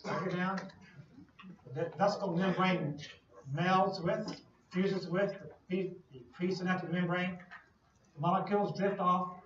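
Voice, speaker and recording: A man's voice: high-pitched, fairly bright tone, a little hiss or hum. A man giving a classroom lecture, explaining with playful everyday analogies and questions to the class. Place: lecture hall. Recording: distant, echoey lo-fi classroom recording.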